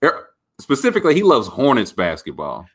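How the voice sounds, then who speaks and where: A man hosting a podcast, rambling about sports in an animated, jokey way. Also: medium pitch, a little fast, husky. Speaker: podcast host. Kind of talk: casual sports talk.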